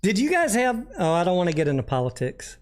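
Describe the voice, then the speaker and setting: A man's voice: high-pitched, sing-song, quick pace. A man hosting a casual livestream, chatting and joking while reading viewer comments aloud. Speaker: livestream host.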